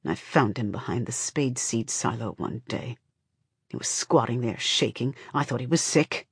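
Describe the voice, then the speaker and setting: Audiobook: woman reading a bitter, haunted father, deep and husky, tight with anger. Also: lively intonation, moderate pace, no room sound, clean studio sound, heavily acted.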